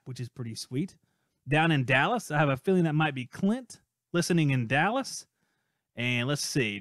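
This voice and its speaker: A man hosting a live call-in podcast, chatty and playful as he reads out listener messages. His voice sits a little high for a man. The sound is close and dry, with no room echo. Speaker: podcast host. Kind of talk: casual live-stream podcast chat.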